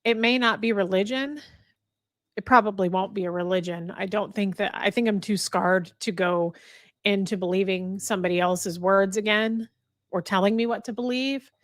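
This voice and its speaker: A woman hosting a livestream, talking candidly and earnestly to her viewers, halting and restarting her sentences. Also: medium pitch, fairly bright tone, dry recording, studio quality. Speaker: livestream host. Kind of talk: candid emotional talk to viewers. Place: indoor room with a fire.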